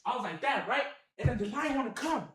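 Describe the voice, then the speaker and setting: High, bright-voiced man rambling to chat. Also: fast, echoey room, slight background noise. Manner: animated, repetitive, addresses the chat directly. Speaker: livestreamer. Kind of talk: rambling livestream storytelling.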